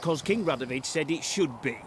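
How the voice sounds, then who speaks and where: A man's voice: a little high, expressive, fairly quick, close to an everyday voice. A man doing a curt, officious bridge guard. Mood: stern. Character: brusque male soldier guarding a bridge. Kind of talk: video game voice acting. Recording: game audio under loud noise.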